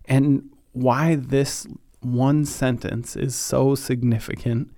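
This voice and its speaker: A man talks through a faith podcast in a measured, reflective way. His delivery is slow and fairly flat in pitch, and it grows quieter on the solemn moments. The sound is dry and close, with no room echo. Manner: earnest, thoughtful, slows down on solemn points. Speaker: podcast host.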